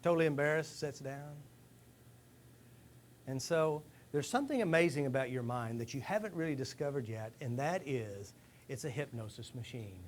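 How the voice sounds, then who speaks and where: A man giving a lively live talk to a rehab group, asking the room questions and acting out stories. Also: mid-range voice, normal speed, slight background noise. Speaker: speaker addressing a rehab group. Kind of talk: live motivational talk to an audience.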